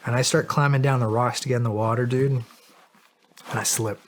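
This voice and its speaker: A man's voice: mid-range voice, fairly quick, slight background noise. A middle-aged man, a podcast guest, telling a long story in casual, profane, self-mocking style. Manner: animated, profane, laughs at himself.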